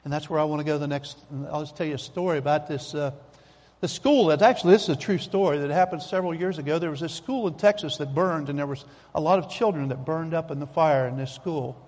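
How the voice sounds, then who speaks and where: This preacher's voice is a little high, quick and darkish in tone. He repeats his main points in a folksy, emphatic sermon, and the church sanctuary lends the recording a long hall reverb.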